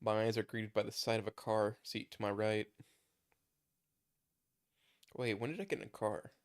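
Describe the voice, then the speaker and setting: Casting note: a low-pitched male reader narrating a story casually, tripping over a word now and then. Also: steady tone, normal speed. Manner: reads with small stumbles and restarts. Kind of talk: casual reading of a fan story.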